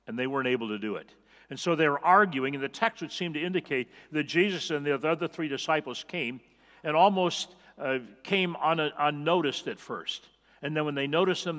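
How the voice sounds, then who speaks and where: A man's voice: mid-range voice, a bit bright, big-room sound. A male pastor preaching a sermon, earnest and emphatic, repeating key phrases for weight. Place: church sanctuary.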